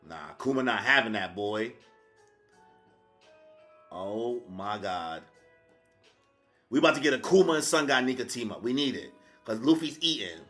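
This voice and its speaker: A man streaming a live reaction, excitable and slangy, swinging between hype and sorrow. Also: mid-range voice, unhurried, long pauses, soft background music.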